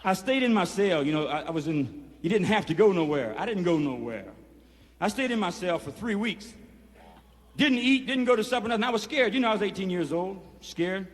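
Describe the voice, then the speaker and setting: Man with a high, drawling voice telling a loose, profane story in a long-echo hall. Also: animated, a little fast. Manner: drawling, profane, peppered with "you know". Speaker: performer addressing inmates. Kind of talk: rambling spoken storytelling. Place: prison hall. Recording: reverberant hall, 1970s film sound.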